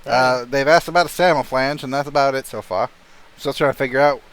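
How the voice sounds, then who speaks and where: Young man, game master, casual narration, mid-pitched voice, swears and laughs. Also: steady tone, fairly quick, fairly bright tone, clean tone.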